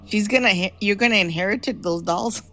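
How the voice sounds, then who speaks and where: A woman's voice: medium pitch, brisk, bright, forceful tone, big-room sound. A woman hosting a podcast, chatting casually with a caller and exclaiming in reaction. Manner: exclaiming, chatty, calls the guest "girl". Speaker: podcast host.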